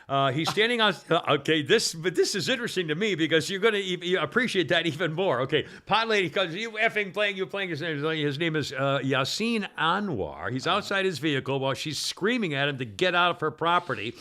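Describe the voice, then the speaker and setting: A man's voice: on the high side, expressive, fairly quick, few pauses, pushed and bright. A man hosting a casual news talk show, rambling with many fillers and restarts. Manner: acts out quoted people in a raised voice. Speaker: podcast host.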